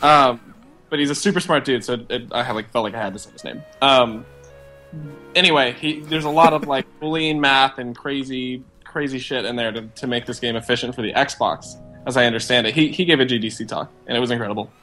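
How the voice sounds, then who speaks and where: A man's voice: mid-range voice, fairly quick, pushed and bright, faint music behind. A man co-hosting a podcast, talking in a rambling, enthusiastic way with many fillers. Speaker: podcast co-host. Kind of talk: casual chat.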